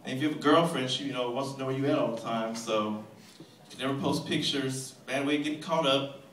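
A young man from Texas doing an animated stand-up comedy set, bursting loud when he acts out characters. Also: medium pitch, fairly quick. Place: comedy club stage. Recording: roomy club sound, mic at a distance, loud crowd.

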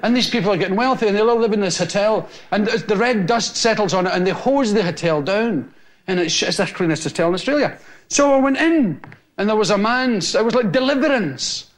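A man's voice: high-pitched, fairly quick. A Scottish man doing stand-up, telling rambling anecdotes to a laughing live audience. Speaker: stand-up comedian. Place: television studio with a live audience. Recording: loud hiss on an old TV recording.

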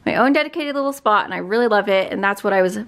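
A woman's voice: mid-range voice, lively intonation, fast talker, fairly bright tone. A woman giving a casual, chatty tour of her bedroom filming room as a beauty vlogger, upbeat and full of fillers.

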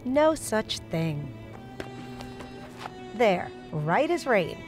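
A woman's voice: mid-range voice, big pitch swings, very slow, darkish tone, soft background music. An actress playing a dry, teasing woman keeping a secret affair. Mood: wry. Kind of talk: audio drama acting.

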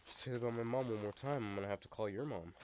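A man's voice: medium pitch, very fast, background noise. A young man chatting casually while playing a video game, teasing his friend crudely and laughing often. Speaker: gamer. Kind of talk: casual gaming chat.

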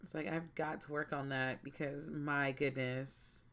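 A woman's voice: low voice, flat delivery, a little slow, a bit bright. A woman hosting a life-simulation gameplay video, chatting casually with her viewers, often exasperated and repeating herself. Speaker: gaming channel host.

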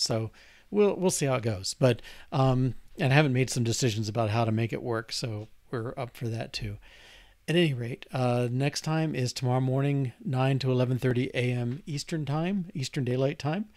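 A man live-coding and thinking aloud, halting and muttered, with fillers as he works. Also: mid-range voice, darkish tone, dry recording. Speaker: programmer live-coding on stream.

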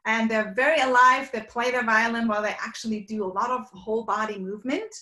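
A woman from Sweden and Germany, a communication coach, talking quickly and at length in an online workshop and playing with her voice. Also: fairly high pitch, fairly even intonation, bright, forceful tone, reverberant. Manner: fast and talkative, playfully demonstrates vocal variety. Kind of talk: energetic online workshop talk. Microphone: video call.

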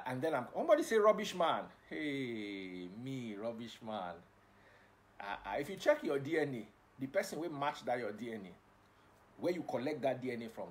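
A man's voice: mid-range voice, slight background noise. Middle-aged Nigerian male broadcaster, casual live chat, playful, preachy. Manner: switches between English and pidgin, playful and preachy. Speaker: livestream host and broadcaster.

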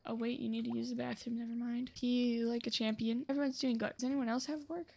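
A woman's voice: on the high side, flat delivery, fast, creaky, mellow. A young woman hosting a gaming channel, chatting casually through her gameplay and talking to the characters on screen. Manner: chatty, talks to the game characters, scolds them.

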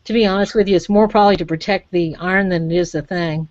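A woman's voice: lowish voice, fairly even intonation, fast, darkish tone, no room sound. A chatty woman leads a live craft demonstration and keeps urging her viewers not to be scared. Her voice is close and dry, with no room sound. The audio is dull and lo-fi, like an old webcam. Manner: encouraging, chatty, addresses viewers as y'all.

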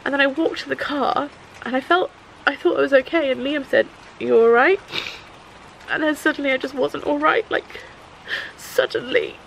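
A woman in her thirties recounting a painful encounter in a vlog, halting and close to tears, with many fillers and restarts. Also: sits high, lively intonation, creaky, fairly bright tone, slight background noise, poor audio. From England. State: tearful. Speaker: vlogger. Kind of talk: tearful confessional vlog.

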